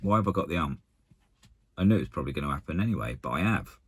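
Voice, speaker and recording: A man giving a casual, exasperated post-match rant to camera as a football fan, blunt and halting, often restarting his sentences. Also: a bass voice, lively intonation, a bit bright, breathy edge, dry recording. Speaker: football fan channel contributor.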